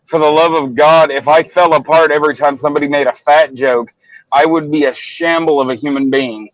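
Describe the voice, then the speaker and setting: A man's voice: fairly high pitch, steady tone, fairly quick, dry recording. A man in casual livestream chat, talking bluntly and profanely, rambling with many restarts. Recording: muffled dry lo-fi audio.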